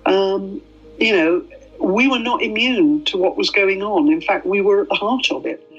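A woman's voice: mid-range voice, normal speed, highs cut off, faint music behind. An older woman, a former helpline volunteer, speaking candidly and reflectively in an interview. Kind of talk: interview recollection.

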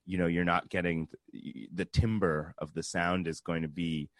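A man's voice: sits low, flat delivery, normal speed, dry recording. A man, a musician guest on a radio show, chatting casually with many restarts and fillers in a studio.

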